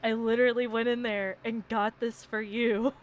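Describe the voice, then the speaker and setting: A woman's voice: fairly high pitch, flat delivery, moderate pace. Giggly young woman telling stories. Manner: giggly, swearing storyteller. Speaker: streamer co-host. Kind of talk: casual chat.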